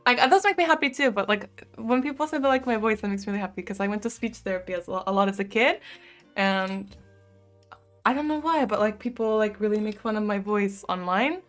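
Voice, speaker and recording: A woman's voice: mid-range voice, animated, fairly quick, soft background music. A young woman from the United States with a lisp, chatting casually on a live stream, giggling often and saying "like" a lot. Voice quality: lisp, speech impediment. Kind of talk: casual chat reading viewer comments.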